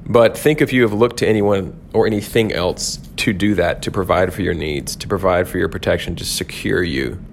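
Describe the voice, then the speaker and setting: In a low, gravelly voice at normal speed, a pastor hosting his first devotional podcast teaches thoughtfully and earnestly on a psalm, hardly pausing. He frequently restarts sentences, and a little hiss or hum sits under the recording.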